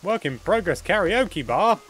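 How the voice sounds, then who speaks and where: An excitable British man talks over a live gameplay stream, gushing with praise. His voice sits a bit high and swings all over the place. Soft music plays faintly behind him. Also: measured pace. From Britain. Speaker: livestream host.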